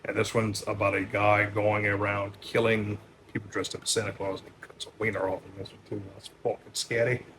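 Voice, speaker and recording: A lowish-voiced man talks loosely through a pile of movies, swearing freely and leaning on fillers. He jumps louder whenever he calls out a title. A faint noise hums under the recording. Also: little pitch movement, a little fast. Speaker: video store owner presenting movies. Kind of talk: casual rundown of a movie stack.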